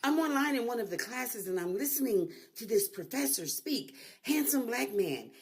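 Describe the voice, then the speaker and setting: A woman's voice: a little high, very animated, moderate pace. A woman in an angry, emotional video rant, swearing freely.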